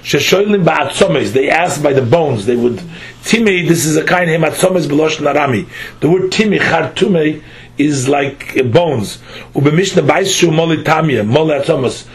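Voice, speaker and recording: A man's voice: a little high, rough recording. A man teaching a text study class. He reads phrases aloud with a pronunciation, translates them line by line, and often halts and restarts. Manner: halting, with frequent restarts.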